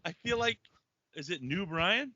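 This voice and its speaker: Animated, profane man on a podcast. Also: sits high, a little slow, no room sound, highs cut off. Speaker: podcast host. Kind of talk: crude casual banter.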